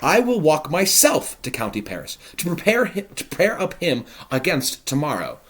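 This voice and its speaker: A man's voice: huge pitch swings, normal speed. A man reading as a blustering old nobleman. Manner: loud, emphatic, raised-pitch reading. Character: blustering, excitable older nobleman father. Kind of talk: dramatic reading of verse.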